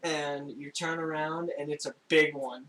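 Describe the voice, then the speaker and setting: A young man narrating a tabletop game as game master, in a casual, halting way with frequent laughs. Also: on the high side, steady tone, a bit bright, low-quality recording. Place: home room, recorded for a stream.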